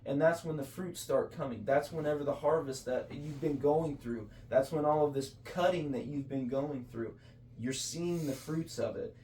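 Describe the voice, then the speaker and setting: A man's voice: on the high side, normal speed, a little mellow, reverberant, distant mic, a little hiss or hum. A man co-hosting a casual faith talk, speaking earnestly and preachily with many restarts and self-corrections. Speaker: podcast co-host.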